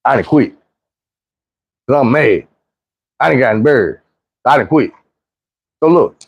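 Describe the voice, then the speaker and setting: A man's voice: mid-range voice, lively intonation, unhurried, vocal fry, breathy edge, dry recording, dull audio. A man casually telling a story from his own life in a slangy, profane, conversational way.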